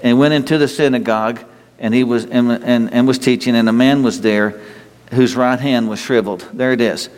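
A man preaching a sermon in an earnest, halting way, repeating himself as his pitch rises and falls. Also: steady tone, a little mellow. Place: church hall. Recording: long reverb of a hall.

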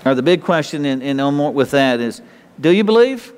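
A man's voice: fairly high pitch, lively intonation, brisk, a little mellow, smooth. A man preaching a sermon in a folksy, conversational way, often restarting phrases and chuckling. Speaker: pastor. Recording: reverberant hall.

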